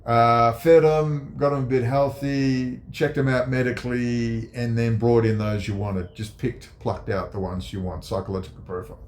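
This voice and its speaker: Male ranting commentator, mid pitch, sarcastic and crude, echoey room. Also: little pitch movement, normal speed, few pauses, a little hiss or hum. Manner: sarcastic, profane, swings from low mutters to high mocking outbursts.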